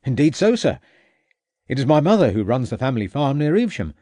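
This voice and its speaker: Eager, polite Victorian constable; man reading, pitch raised. Dry audiobook sound. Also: sing-song, a little fast, warm tone, no room sound, natural voice. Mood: deferential.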